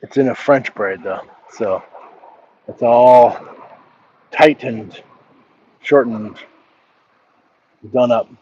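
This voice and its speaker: A man's voice: mid-range voice, slow pace, long pauses, lo-fi sound, slight background noise. A middle-aged man walking outdoors at night, chatting casually on a livestream and reading viewer comments aloud in a laid-back, chuckling way. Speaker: livestream host. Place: outdoors at night, crickets around.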